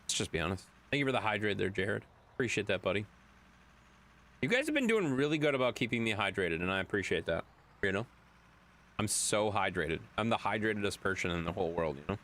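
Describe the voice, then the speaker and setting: A man's voice: fairly low pitch, very animated, quick pace, a bit bright. A man streaming a game late at night, reading chat aloud in a chatty way, swearing now and then.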